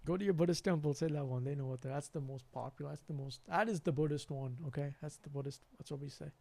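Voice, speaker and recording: A young man hosting a rambling, animated spiritual monologue in a slangy, casual way. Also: fairly high pitch, fast, gravelly, no echo. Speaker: host.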